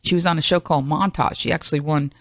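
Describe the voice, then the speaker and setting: A woman's voice: low voice, fairly even intonation, fast talker, noisy background. A middle-aged woman hosting a podcast, talking in a chatty, rambling monologue full of self-mocking asides. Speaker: podcast host. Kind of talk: solo comedic monologue.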